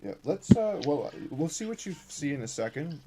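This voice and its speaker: Halting male dungeon master. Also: a little high, very animated, very noisy. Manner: halting, many fillers and restarts. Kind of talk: narrating a tabletop game. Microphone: streaming setup with cameras.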